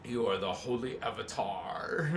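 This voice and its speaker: Male livestream host, very slow and drawn-out, rambling and joking; roomy echo, faint rumble. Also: expressive. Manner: slow, drawn-out, musing aloud, joking and swearing.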